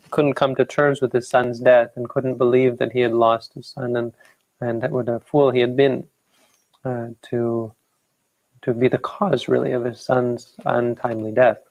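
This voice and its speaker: A man's voice: mid-range voice, gravelly, darkish tone, no echo, poor audio. A man, a Buddhist monk, giving a dhamma talk and retelling a scripture story unhurriedly, lightly acting out the quoted speech. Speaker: Buddhist monk and meditation teacher.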